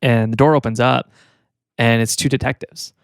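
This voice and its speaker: Gravelly man telling a story. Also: mid-range voice, steady tone, normal speed, no room sound, studio quality. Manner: laughs often while telling the story. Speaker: podcast co-host. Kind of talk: casual storytelling chat.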